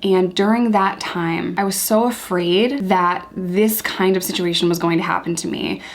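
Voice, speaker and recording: A woman's voice: fairly low pitch, fairly even intonation, normal speed. A woman in her thirties giving earnest, emotionally charged commentary to camera as a vlogger.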